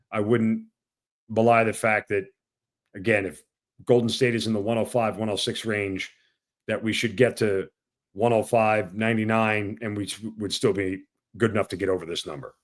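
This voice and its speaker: A man co-hosting a sports betting show, talking in a relaxed, dry, self-deprecating way. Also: fairly low pitch. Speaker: sports betting analyst, co-host. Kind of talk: casual sports betting talk.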